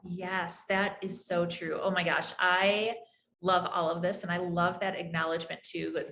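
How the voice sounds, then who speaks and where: A woman hosting a podcast interview, enthusiastic and quick to agree with her guest. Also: fairly low pitch, level tone, bright, forceful tone, echoey room. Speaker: podcast host and coach.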